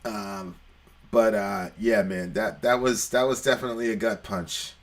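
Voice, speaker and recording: A man's voice: lowish voice, steady tone, measured pace. A young man hosting a question-and-answer video, talking casually and rambling with many restarts, telling a parable and acting out the voices in it. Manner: acts out quoted voices in the story. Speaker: host answering viewer questions. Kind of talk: casual chat, storytelling.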